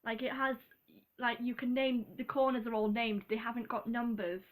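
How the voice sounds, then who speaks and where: A woman's voice: on the high side, flat delivery, moderate pace. A young woman from Britain chatting casually on a vlog, giggly and rambling, with lots of ums and apologies. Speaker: vlogger. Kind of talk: casual chat.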